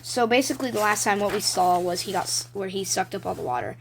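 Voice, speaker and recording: A young woman talks through her homemade comics in a loose, rambling show-and-tell. Her voice sits at an ordinary middle pitch, picked up close on a phone. A faint hiss runs underneath. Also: gravelly. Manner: rambling, chatty, reads her own comics aloud with quick silly voices. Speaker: vlogger showing her drawings. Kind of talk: casual show-and-tell vlog. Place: home room, lights turned down.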